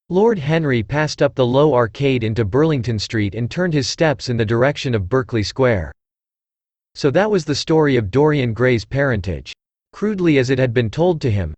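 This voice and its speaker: Synthetic male narrator, lively pitch. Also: no echo. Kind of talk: scripted narration.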